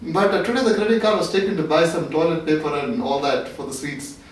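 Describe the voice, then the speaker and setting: A man's voice: on the high side, fast talker, a little hiss or hum. A man giving a joking tour of an office and telling a long comic story, laughing at his own punchlines. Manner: chuckles at his own jokes. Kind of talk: casual comic monologue and joke telling. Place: office suite, indoors. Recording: very echoey room, camera at a distance.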